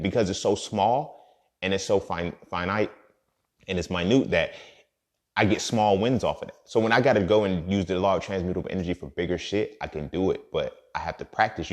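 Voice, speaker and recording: Low-voiced man with a profane streetwise manner. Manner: streetwise, profane, repeats "you feel me". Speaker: podcast host. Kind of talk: casual monologue.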